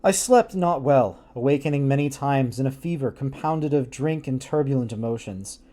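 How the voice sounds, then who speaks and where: A man reading a gothic story aloud on a live stream, breaking off for animated, joking asides. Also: mid-range voice, normal speed.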